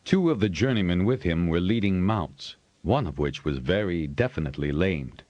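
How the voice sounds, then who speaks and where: A man narrating an audiobook in a measured storytelling manner, shifting his voice for the characters. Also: low voice, animated, a little mellow, dry recording, highs cut off. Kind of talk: scripted narration.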